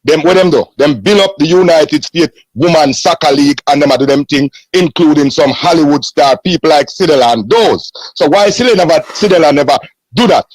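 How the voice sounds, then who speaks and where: Man, Jamaican accent, somewhat high voice, dry sound, forceful, won't yield the mic. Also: fairly quick, no room sound, rough recording. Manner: forceful, holds the floor. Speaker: podcast co-host. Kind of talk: heated casual sports debate.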